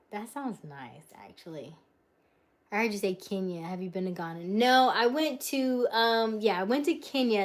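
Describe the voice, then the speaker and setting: A woman hosting a casual livestream from her home, chatting and answering viewer comments aloud, laughing often and trailing off. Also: medium pitch. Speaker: livestream host. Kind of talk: casual live-stream chat. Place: her home, mid-move.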